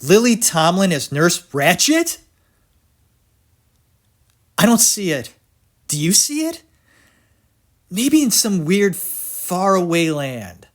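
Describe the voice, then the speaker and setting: A man hosting his own podcast, rambling through an excitable rant about film history, swearing and laughing at himself. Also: high voice, slow pace, pauses often. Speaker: podcast host.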